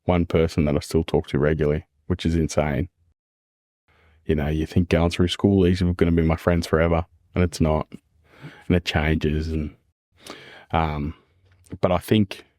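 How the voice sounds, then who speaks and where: A man's voice: deep voice, darkish tone, dry recording, clean studio sound. An Australian man talking earnestly and candidly as a podcast guest, repeating phrases and calling the listener "man" and "mate". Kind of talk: candid casual conversation.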